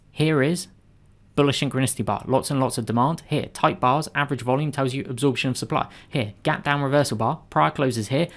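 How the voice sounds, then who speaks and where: Male trading tutor, informal and emphatic chart walkthrough. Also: mid-range voice. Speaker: trading educator. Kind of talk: screen-share chart walkthrough.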